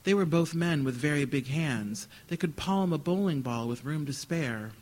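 A man reading literary fiction aloud at a live event. His voice sits somewhat high for a man. He tells the story in a dry, wry way. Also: normal speed, a little mellow, low-quality recording. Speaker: author reading.

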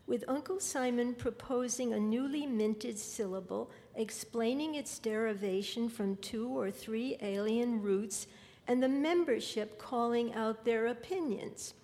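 A woman reading her literary fiction aloud in a measured, deliberate way. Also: a little high, warm tone. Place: lecture hall. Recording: long hall reverb.

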